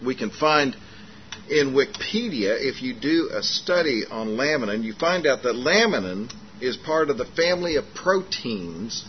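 A man preaches in a folksy, animated way, slipping into the voices of the people in his story. The recording is muffled and lo-fi, with a faint hiss underneath. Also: medium pitch, moderate pace. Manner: folksy, animated retelling with acted dialogue and frequent fillers. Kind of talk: sermon storytelling.

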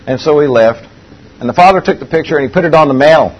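A man's voice: fairly high pitch, fast talker, a little hiss or hum. A man preaching a sermon, telling a story in an earnest way and repeating key phrases. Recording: dull lo-fi recording.

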